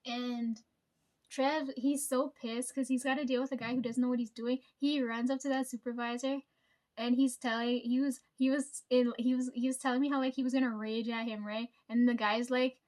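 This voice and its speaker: A woman's voice: on the high side, flat delivery, moderate pace, a little mellow. A woman chatting casually, telling work stories with lots of fillers, swearing and laughs. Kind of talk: casual storytime chat.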